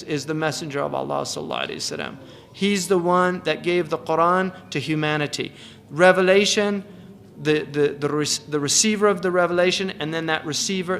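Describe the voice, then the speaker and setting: A middle-aged man giving a reflective religious lecture, often restarting phrases and reciting verses quickly. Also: on the high side, a bit bright, slight background noise. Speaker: Islamic scholar.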